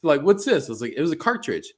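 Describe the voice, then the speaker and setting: A man on a podcast, telling his own mishaps in an animated, self-mocking way with lots of laughter. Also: a little high, very fast, crowd noise. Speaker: podcast co-host. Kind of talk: casual chat.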